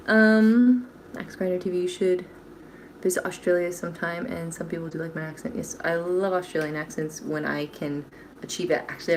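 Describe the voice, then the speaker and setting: A woman's voice: lowish voice, background noise. A young woman hosting a baking livestream from her home kitchen, chatting casually, joking at her own expense and answering viewers' comments. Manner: chatty, self-deprecating, reads viewer comments aloud.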